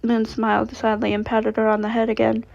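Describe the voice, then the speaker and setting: Gravelly woman reading a story aloud. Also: fairly high pitch, monotone, brisk, a little mellow. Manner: plain, with small slips and self-corrections. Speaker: fanfiction reader. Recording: dull lo-fi recording.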